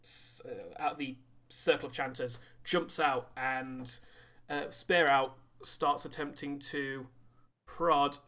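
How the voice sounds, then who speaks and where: Male DM, haltingly narrates the scene, mid-range voice. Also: mid-range voice, steady tone, pushed and bright. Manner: halting narration, many ums and restarts. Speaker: dungeon master. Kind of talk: narrating a tabletop game.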